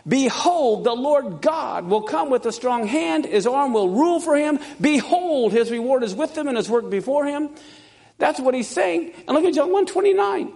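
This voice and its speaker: A man preaching a sermon, emphatic, reading scripture aloud with rising excitement. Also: extremely high pitch, moderate pace, vocal fry.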